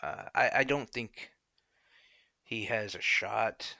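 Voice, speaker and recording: Bright-voiced man ranting about politics. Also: lowish voice, slow pace, gravelly, no room sound, muffled recording. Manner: opinionated, rambling, frequent fillers and laughs. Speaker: political commentary show host. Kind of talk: casual political commentary.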